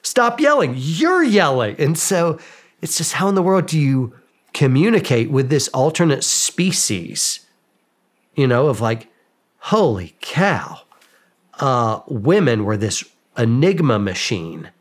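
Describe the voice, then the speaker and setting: A man's voice: mid-range voice, slow. Man telling self-mocking stories. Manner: self-mocking, lively, acts out quoted dialogue. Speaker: podcast guest. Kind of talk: casual storytelling. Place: podcast studio.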